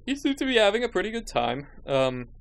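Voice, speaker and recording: A man's voice: high voice, very animated, a little fast, creaky. A man hosting a podcast in casual chat, with wry, sarcastic remarks and laughing asides. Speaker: podcast host.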